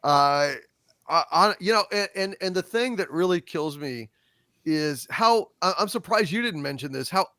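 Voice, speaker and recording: A man's voice: high-pitched, expressive, moderate pace, sharp tone, dry recording, studio quality. A man on a podcast panel talking casually and emphatically, with plenty of swearing. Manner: emphatic, profane.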